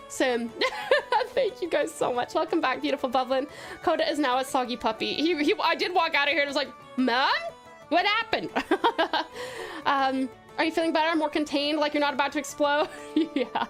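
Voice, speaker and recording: High-pitched aussie woman on a live stream, giggly, calls chat sweetheart, faint music behind. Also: a bit bright. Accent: Australian. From Tasmania, Australia. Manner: affectionate, giggly, calls viewers pet names.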